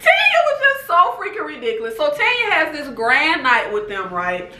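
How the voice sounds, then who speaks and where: A woman's voice: very high-pitched, a little fast. A woman giving a casual TV show recap, laughing often and talking straight to her viewers. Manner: animated, laughs often, talks to viewers as "baby" and "y'all". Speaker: TV recap vlogger. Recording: echoey room.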